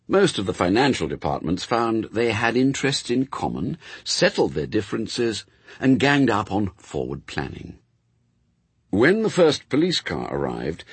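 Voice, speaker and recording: A man narrating an audiobook in an expressive, dry storytelling manner. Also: on the low side, breathy edge, dry recording. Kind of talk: scripted narration.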